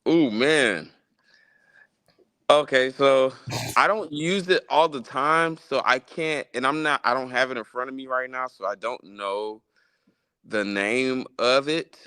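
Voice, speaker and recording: A man talking as a guest musician in a casual live interview, in a relaxed, loose way with lots of fillers and restarts. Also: medium pitch, takes it slowly, clean tone, no echo. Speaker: guest musician, gospel pianist.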